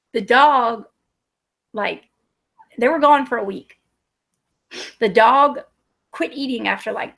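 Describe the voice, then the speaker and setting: Woman, thirties, casual rambling storytelling, profane, self-mocking, gravelly. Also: on the high side, a bit bright.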